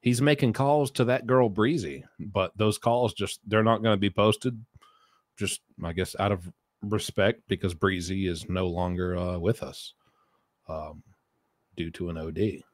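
A man reacting with biting sarcasm, his voice dropping to low mutters and then rising into loud mocking pleas. The sound is dry and close, with no room around it. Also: a little slow, no echo. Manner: sarcastic, mocking, swings between mumbling and exasperated outbursts. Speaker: commentator reacting to a prison call recording. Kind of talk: satirical reaction commentary.

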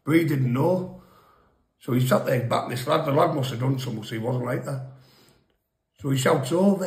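A man's voice: fairly high pitch, a little mellow, roomy sound. A man casually telling a crude, rambling pub story, often laughing at his own tale. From England.

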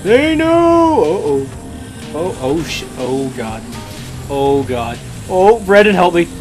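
A man's voice: a little high, big pitch swings, takes it slowly, music in the background. A man chatting while gaming with a friend, letting out panicky exclamations and laughs. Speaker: gamer. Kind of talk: casual gaming chat.

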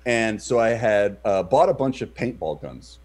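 Man, podcast co-host, animated storyteller, pitch swings a lot, gets loud when he quotes people. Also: normal speed. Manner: animated, shouts in reenacted quotes. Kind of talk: casual storytelling chat.

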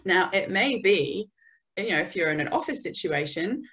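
Woman, low voice, lo-fi audio. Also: animated, normal speed, a bit bright. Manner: conversational, acts out example phrases. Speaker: business communication trainer. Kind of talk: webinar presentation.

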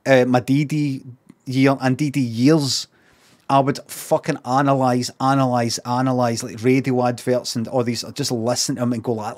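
A man's voice: medium pitch, normal speed. Sweary Scottish man ranting. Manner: sweary, animated. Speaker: livestreamer. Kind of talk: casual rant.

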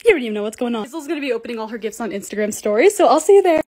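A young woman narrating her own videos as a creator, bubbly and gushing as she shows off things she bought. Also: a little high. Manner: bubbly, gushing, quick and excitable. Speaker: TikTok creator. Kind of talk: casual vlog voice-over.

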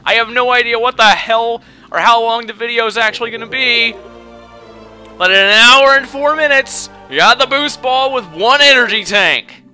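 A young man commentating his own video game run, swinging between frustrated shouting and swearing and calm explanations of tactics. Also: very high voice, moderate pace, soft background music. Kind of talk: let's play commentary.

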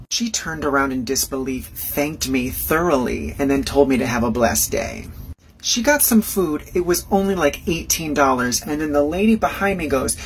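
A man's voice: mid-range voice, poor audio. A man telling funny petty stories about his life in a sassy, theatrical way, with light noise behind him. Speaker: storyteller. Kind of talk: comedic storytelling.

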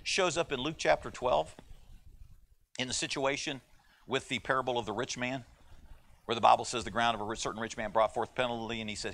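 A man's voice: medium pitch, fairly even intonation, fairly quick, creaky, fairly bright tone. A man teaching a conversational Bible lesson in a church class, folksy and joking as he talks. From United States. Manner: folksy and joking, with playful voices for quoted people. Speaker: Sunday school teacher.

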